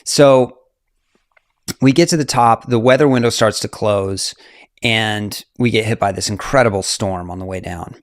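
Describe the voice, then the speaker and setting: A man's voice: lowish voice, normal speed, no room sound, clean studio sound. A man in his forties, a mountaineer guest, telling his story casually with many fillers and laughs. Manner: animated, fillers, laughs often.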